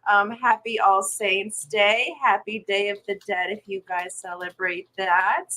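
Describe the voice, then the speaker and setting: Slow, bright-voiced giggly woman host. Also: mid-range voice, level tone, poor audio. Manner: giggly, laughs often. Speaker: livestream host. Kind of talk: casual morning livestream chat.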